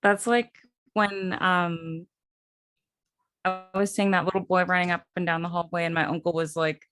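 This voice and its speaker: A woman's voice: fairly low pitch, little pitch movement, normal speed, music in the background. A woman podcast host chatting casually and laughing as she tells a creepy family story. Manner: chatty, laughs while telling stories. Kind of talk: casual chat.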